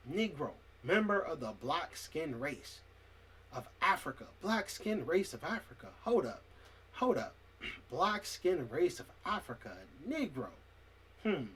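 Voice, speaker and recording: Husky guy ranting on his vlog, kinda high voice, swears a lot, keeps clearing his throat. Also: big pitch swings, takes it slowly, a bit bright. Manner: reads dictionary definitions aloud and argues with them. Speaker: vlogger. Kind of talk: angry ranting monologue.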